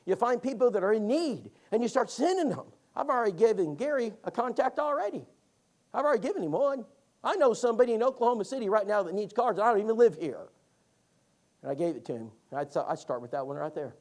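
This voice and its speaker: Animated man preaching a sermon class. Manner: animated storytelling with lively pitch swings.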